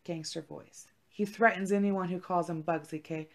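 A woman's voice: lowish voice, steady tone, moderate pace. A young woman co-hosting a podcast, telling a story in a laid-back, profane chat full of "like". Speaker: podcast co-host. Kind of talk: casual chat.

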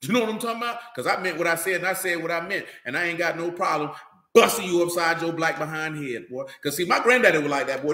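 Animated, bright-voiced man preaching. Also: on the high side, quick pace, echoey room. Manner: loose, street-talking, animated, repeats "you know what I'm talking about". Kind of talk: animated sermon.

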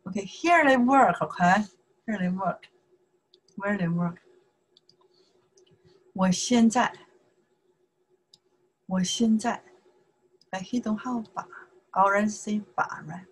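A woman with a Chinese accent, a native Chinese speaker, teaching a casual language lesson in slow, repetitive steps and checking "okay?" after each point. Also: medium pitch, husky, low-quality recording. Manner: slow, repeats words, says okay often.

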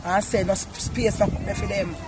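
A man's voice: high-pitched, fairly even intonation, fairly quick. A Jamaican man giving an agitated, emphatic eyewitness account in a street interview outdoors. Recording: loud crowd and street noise.

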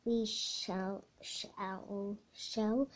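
A young girl reading a children's picture book aloud, slowly and haltingly, sounding out words, correcting herself and sometimes dropping to a whisper. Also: mid-range voice, little pitch movement.

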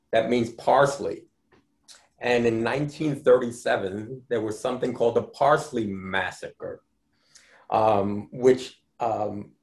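Man, from the Dominican Republic, artist guest, measured, hesitant, explaining his art. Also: medium pitch, darkish tone. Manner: measured, with frequent ums and restarts.

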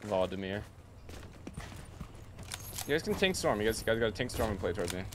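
A young man leading his squad in a shooter, calling plays and getting loud and excited when a fight breaks out. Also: fairly low pitch, racing, noisy background. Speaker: streamer, in-game leader. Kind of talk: casual gaming callouts. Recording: loud game music behind voice chat.

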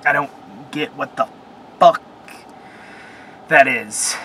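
A man's voice: medium pitch, slow, pushed and bright, a little hiss or hum, rough recording. A young man venting in a casual vlog, cursing often and rambling with fillers while he sits in his car. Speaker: vlogger. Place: in a car at a car wash.

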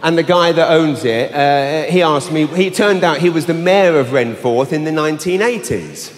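Male stand-up comic, high voice, arena reverb, shouty storyteller. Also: moderate pace. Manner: animated storytelling, bursts of shouting. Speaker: stand-up comedian. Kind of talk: live stand-up comedy. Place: large arena stage. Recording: live arena with long reverb.

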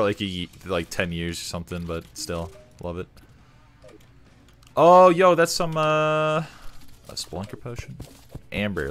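A young man commentating his own gameplay in a low, bright-toned voice. His pitch swings widely as he jumps between mumbling and excited cursing. Quiet game music plays under him. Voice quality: swears a lot, excitable outbursts. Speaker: gaming streamer. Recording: music bed behind voice. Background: soft game music.

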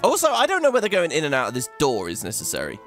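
A man's voice: on the high side, huge pitch swings, rapid-fire, fairly bright tone, faint music behind. A man hosting a video game playthrough, chatting away and thinking aloud as he plays, laughing often. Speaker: let's play host.

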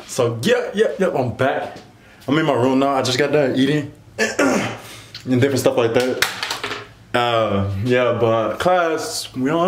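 A young college man, chatting casually and slangily through his day on a phone vlog. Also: medium pitch. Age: young adult. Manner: laid-back, slangy, rambling. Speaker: college student vlogger. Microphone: handheld phone. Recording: echoey phone audio with loud background noise.

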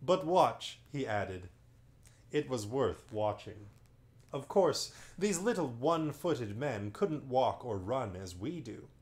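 A man reading a children's novel aloud as a bedtime story on a livestream, slow and expressive. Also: medium pitch.

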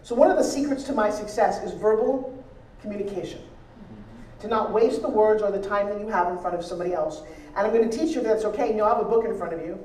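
Lady motivational speaker cracking jokes at a crowd, mid pitch, echoey hall, mic kinda far off. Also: fast, a little hiss or hum. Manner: energetic, joking, audience-engaging. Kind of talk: live seminar speech to an audience. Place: large event hall on stage. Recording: roomy hall sound from a distance.

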